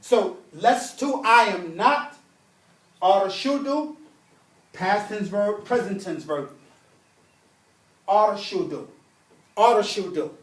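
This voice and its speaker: Emphatic teacher in an echoey classroom. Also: male voice, sits high, recorded from a distance. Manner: animated, emphatic, repeats points, reads Arabic quickly. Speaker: Arabic and religion teacher. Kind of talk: classroom lesson.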